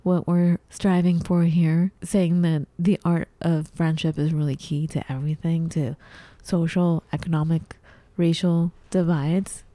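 Woman co-host, low mellow voice, dry close recording, lively casual talk. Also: unhurried, no echo. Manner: animated, acts out her own confused reactions in a high voice. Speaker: podcast co-host. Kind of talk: casual chat.

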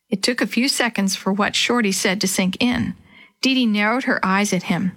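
A woman reading a children's storybook aloud in a gentle, even narration. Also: mid-range voice, moderate pace.

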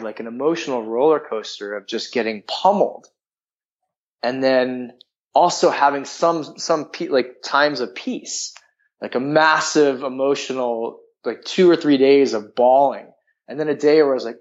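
A man's voice: mid-range voice, unhurried. Rambling man with a dull lo-fi sound. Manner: rambling, frank, heavy use of filler words. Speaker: guest. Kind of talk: candid personal storytelling.

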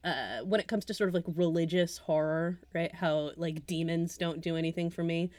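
A woman co-hosting a podcast, chatting casually about films, animated and often laughing as she trails off into asides. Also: fairly low pitch, normal speed, no echo. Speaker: podcast co-host. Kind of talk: casual film chat.

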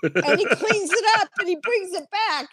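A woman's voice: extremely high pitch, very animated, moderate pace, background noise. A woman in her fifties, a guest telling a story with lots of laughing and swearing in casual chat.

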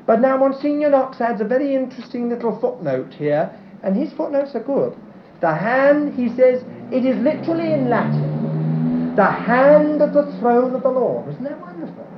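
A man giving a Bible teaching, reading verses aloud in a measured way with enthusiastic asides. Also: very high voice, wildly swooping pitch, slight background noise. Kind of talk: sermon-style Bible teaching. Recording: dull lo-fi recording in an echoey room.

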